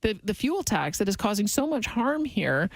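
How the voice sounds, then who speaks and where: A politician giving a statement in a clip, halting and restarting phrases often. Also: medium pitch, big pitch swings, vocal fry, no room sound, poor audio.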